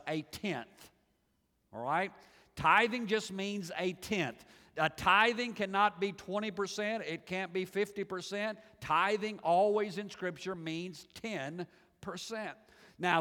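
A man's voice: high voice, a bit bright. A male pastor delivering a sermon in a large church, drawing the congregation in with questions. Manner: preaching with call-and-response questions to the congregation. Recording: long hall reverb from church.

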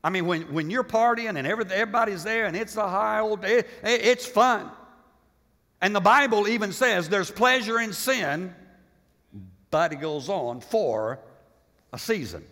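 A man preaching a sermon with emphatic repetition, swinging between loud passages and hushed ones. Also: high voice, expressive, moderate pace, in a large hall. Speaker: pastor.

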